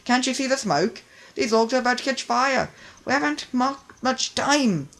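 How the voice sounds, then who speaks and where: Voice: mid-range voice, animated, moderate pace, a bit bright, voice pushed up. A stern little tugboat who means business, as a reader plays him in a voice raised well above the reader's own. He presses his point with urgency. It sounds like a storybook read out at home. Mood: urgent. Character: stern, serious male tugboat. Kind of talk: storybook reading.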